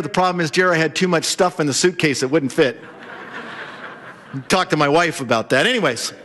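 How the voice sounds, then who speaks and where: Male pastor, high voice, animated sermon storytelling in church.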